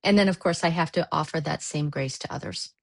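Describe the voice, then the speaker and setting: A woman's voice: low-pitched, a little fast, creaky, dry recording. A woman in a casual panel discussion over a video call. She speaks candidly and emphatically, with bursts of strong feeling.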